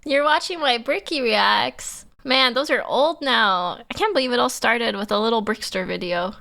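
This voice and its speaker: A woman's voice: fairly high pitch, normal speed, creaky, pushed and bright. A young woman streaming, chatting casually and reading her chat aloud in a bubbly, giggly way.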